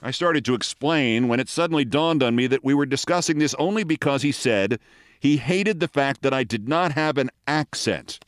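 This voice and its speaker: A man in his sixties from the Bronx, with no regional accent, telling a scripted story as a host in a wry, deliberate manner. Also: mid-range voice, no echo, studio quality. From the Bronx, New York. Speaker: host, commentator.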